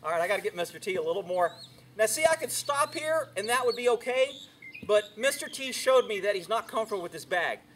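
His voice sits high, with lively intonation and a fairly bright tone, and he speaks fast, with a little hiss or hum in the recording. This horse trainer demonstrates outdoors with horses, talking in a brash, sarcastic, scolding way typical of his blunt instructional vlogs.

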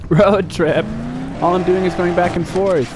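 A young man commentating his gameplay, jumpy and talking back at the game, yelping and shouting at times. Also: high voice, flat delivery, a little slow. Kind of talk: let's play commentary. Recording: noisy game audio underneath.

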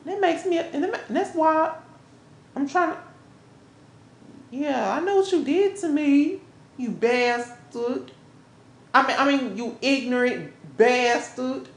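A woman's voice: sits high, slow, pauses often. A woman playing an angry woman who scolds and curses her man while throwing him out, in an improvised role-play. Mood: accusing. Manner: scolding, cursing, repetitive. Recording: roomy echo.

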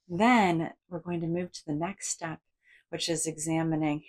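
A woman's voice: sits low, moderate pace. A woman psychologist giving a guided psychoeducation lesson, acting out inner thoughts with big, playful inflections. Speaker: psychologist and educator.

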